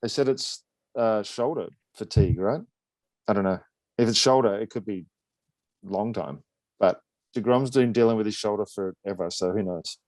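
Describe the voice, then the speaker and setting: An Australian man co-hosting a casual sports show, animated and joking in quick banter. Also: fairly low pitch, no room sound. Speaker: co-host, former pitcher. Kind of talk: casual chat.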